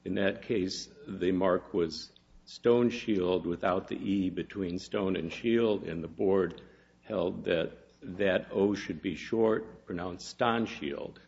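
A man presenting an oral argument in a courtroom as an appellate attorney, formal and measured with some hesitant fillers. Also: deep voice, steady tone, gravelly, a little mellow. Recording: dull lo-fi courtroom audio.

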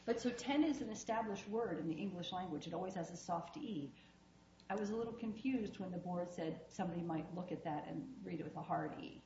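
A woman's voice: mid-range voice, quick pace, dark tone. A woman, an appellate judge, questioning a lawyer from the bench in a blunt, wry, conversational way. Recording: roomy, dull courtroom audio with faint noise.

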